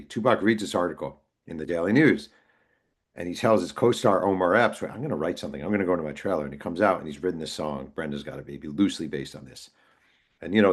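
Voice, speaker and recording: A man from New York, an author telling a story in casual conversation and acting out the voices of the people he quotes. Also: sits low. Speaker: author and podcast guest.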